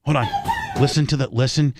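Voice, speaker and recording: A man's voice: medium pitch, fairly even intonation, fairly quick, noisy background. A man hosting a radio talk show, reading out legal statutes in a studio with stammering restarts.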